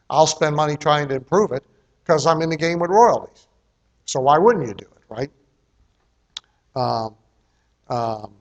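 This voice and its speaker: A man's voice: mid-range voice, expressive, moderate pace, long pauses. A man giving a live seminar talk on marketing, blunt and conversational, often checking in with his listeners and not shy about cursing. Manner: salty and irreverent.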